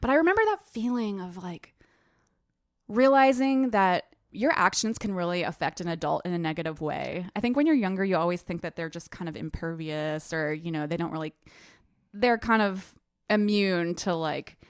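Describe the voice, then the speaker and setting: A woman co-hosting a casual book podcast, chatty and quick to laugh. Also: on the low side, lively intonation, dry recording, studio quality. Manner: chatty, giggly. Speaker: podcast co-host.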